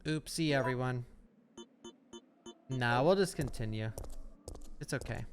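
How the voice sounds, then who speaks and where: A male streamer giving live gameplay commentary, excitable and chatty with his viewers. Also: mid-range voice, a little slow. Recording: game music behind voice.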